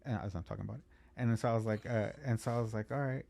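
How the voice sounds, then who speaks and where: Fast-talking gravelly man telling stories. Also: fairly low pitch, steady tone, a little mellow. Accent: Californian. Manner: swearing, slangy, acts out both sides of conversations. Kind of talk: casual storytelling chat.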